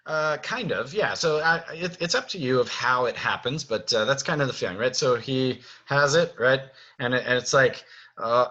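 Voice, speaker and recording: A male theater director explains stage movements in a relaxed, chatty way, often checking in with his students. His voice has a bright, forward tone at a medium pitch. He sounds reassuring and talks off the cuff. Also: moderate pace, muffled recording. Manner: chatty, reassuring, frequent "right?" and "okay?". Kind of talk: casual instructional video.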